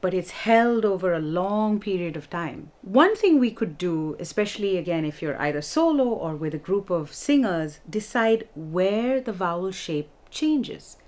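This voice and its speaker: A woman vocal instructor giving a music lesson, explaining techniques clearly and demonstrating them. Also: medium pitch, animated, a little slow, hardly any pauses, a little mellow.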